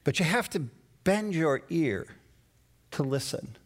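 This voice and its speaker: High-voiced preacher, hushed and dramatic. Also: male voice, lively intonation, slow. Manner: dramatic, swings between hushed and raised voice. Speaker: pastor. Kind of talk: sermon.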